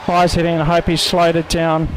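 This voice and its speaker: A man with a high, fairly even voice calls a sim race live, running through the corners lap by lap and tracking gaps and penalties. He jokes about his bad Italian pronunciation. A faint hiss of noise sits under his voice. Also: normal speed, low-quality recording. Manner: narrates corners with self-mocking attempts at an Italian accent. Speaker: race commentator. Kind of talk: sim racing commentary.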